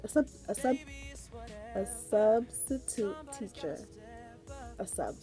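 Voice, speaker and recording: A woman's voice: mid-range voice, animated, slow pace, music in the background. A young woman telling a story on her vlog in a rambling, chatty way, full of fillers and giggles. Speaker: vlogger. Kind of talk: casual storytime chat.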